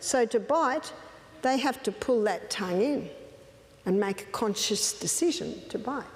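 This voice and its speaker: A woman's voice: fairly high pitch, expressive, a little slow. A woman giving a lecture on raising children, telling personal stories in a direct, firm way. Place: lecture hall. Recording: echoey hall, faint background noise.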